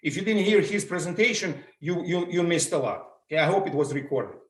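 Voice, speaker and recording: Russian accent guy, middle aged, speaking to a group, voice goes all over the place, kinda high, echoey room. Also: brisk. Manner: animated storyteller, acts out quoted voices. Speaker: motivational speaker. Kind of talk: public speaking talk.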